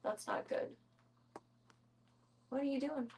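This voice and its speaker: A woman streaming casually from home, chatting to viewers and cooing baby talk at her kittens, her voice jumping high when she talks to them. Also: takes it slowly, a little mellow, slight background noise, poor audio. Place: home room with cat enclosure.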